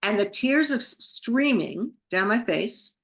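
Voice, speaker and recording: A woman's voice: mid-range voice, expressive, measured pace. A woman, a podcast guest, telling a personal story vividly, acting out her inner thoughts in an emotional way.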